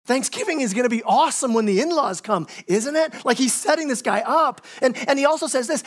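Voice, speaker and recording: A man preaching a sermon as pastor, telling a story with lively acted-out quotes and frequent self-repeats. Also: very high-pitched, brisk, hardly any pauses. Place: church sanctuary.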